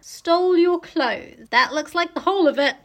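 Woman reading out a cocky joker of a patient, mock sad, high pitched. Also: expressive, moderate pace. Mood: mock-pitiful. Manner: read aloud from a novel, mock-pitiful. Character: brash male patient, cocky and joking.

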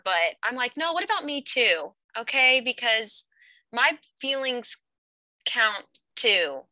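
Bright, candid mom venting. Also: female voice, fairly high pitch, lively intonation, no room sound, rough recording. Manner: candid, laughs often, quick to vent. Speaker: mother of daughters. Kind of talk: casual chat.

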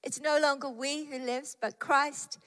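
Female preacher, high voice, slow and emphatic delivery, repeats key phrases; echoing hall. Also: steady tone, fairly bright tone. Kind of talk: sermon.

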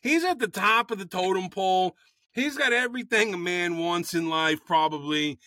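A man co-hosting a comedy podcast who tells a story in an animated, quick style and swears freely. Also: high-pitched, no room sound. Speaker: podcast co-host.

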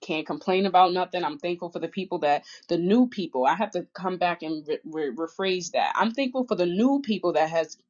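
A woman's voice: on the low side, a little fast, hardly any pauses, a little mellow. Woman vlogger, candid and emotional, plain-spoken, muffled lo-fi recording. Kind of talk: personal vlog monologue. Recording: dull lo-fi audio.

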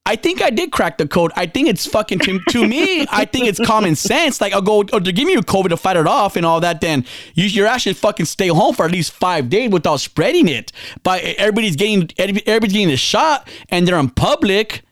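A man's voice: high-pitched, very animated, fast talker, a bit bright, no room sound, clean studio sound. A man co-hosting a podcast, rambling in casual chat, cursing often and restarting his sentences. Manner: rambling, profane, talks over himself with restarts. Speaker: podcast co-host.

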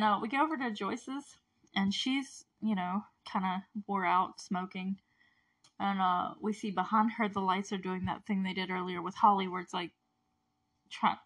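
A woman's voice: medium pitch, a bit bright. A woman giving a casual, chatty recap of a TV episode, gushing and rambling with fillers and frequent laughter.

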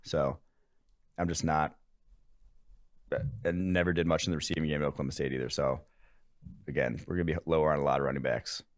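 Very deep gravelly man, dry close sound. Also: fairly even intonation, a little fast, pauses often, no room sound. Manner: blunt, crude, wry. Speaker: podcast co-host. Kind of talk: casual sports chat.

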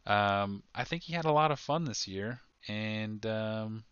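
A man co-hosting a casual sports podcast, excitable and quick to laugh, often restarting his sentences. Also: lowish voice, clean tone, no echo, dull audio. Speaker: podcast co-host.

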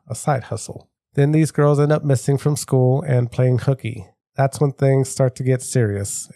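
A man's voice: mid-range voice, dark tone, no room sound, clean studio sound. A man co-hosting a podcast, reading through a historical story with offhand jokes in casual chat. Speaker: podcast host.

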